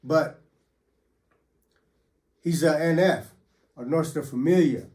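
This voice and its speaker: Slangy ex-con man with a raised pitch. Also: takes it slowly, a little mellow. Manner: profane street slang, many fillers. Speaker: former federal prisoner telling his stories. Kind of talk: casual first-person storytelling.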